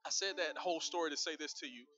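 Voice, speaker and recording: A man's voice: on the high side, fast talker, sharp tone, highs cut off, faint music behind. A male pastor preaching a sermon in a conversational, humorous storytelling manner, speaking directly to his congregation.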